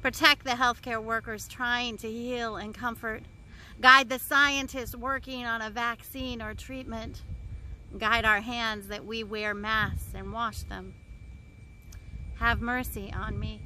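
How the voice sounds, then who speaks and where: A woman pastor reading scripture and leading a spoken prayer, slow, earnest and prayerful, with repeated refrains. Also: fairly high pitch, steady tone, sharp tone, slight background noise.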